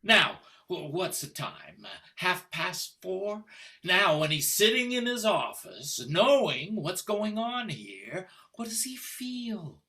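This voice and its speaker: Older actor as a sneering husband on a video-call stage play, bright tense voice, slow delivery. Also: male voice, high voice, big pitch swings, full character voice. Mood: taunting. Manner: taunting, mocking, coldly deliberate. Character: scornful middle-aged husband baiting his wife. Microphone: computer mic on a video call.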